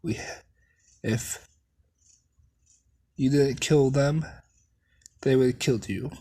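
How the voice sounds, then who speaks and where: Calm steady lady ninja leader, husky and slow, read plainly by a storyteller. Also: medium pitch. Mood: reassuring. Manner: steady, reassuring, then commanding. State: keeps clearing throat. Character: calm, protective female ninja squad leader. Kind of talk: fan story narration.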